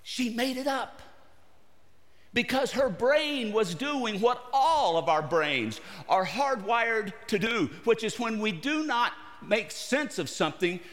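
A male pastor preaching a sermon in short phrases, pausing often and putting questions to his listeners. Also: extremely high pitch, expressive, a bit bright. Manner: broken into short phrases with pauses. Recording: long reverb of a large hall.

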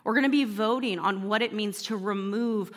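A woman pastor telling a personal story in an animated, humorous sermon, laughing as she goes. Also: mid-range voice, normal speed, in a large hall.

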